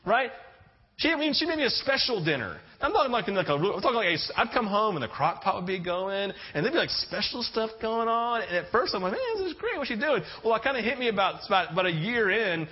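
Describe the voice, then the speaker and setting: Higher-voiced man preaching, dull lo-fi. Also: animated, fast talker. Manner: conversational storytelling, often asking "right?". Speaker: pastor. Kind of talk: sermon. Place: church sanctuary with congregation. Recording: dull lo-fi sound.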